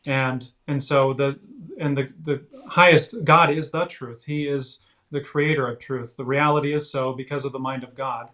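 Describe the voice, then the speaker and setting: A man speaking as an interview guest in casual chat, halting, with frequent fillers and restarts. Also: medium pitch, fairly even intonation, fairly bright tone. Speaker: guest author.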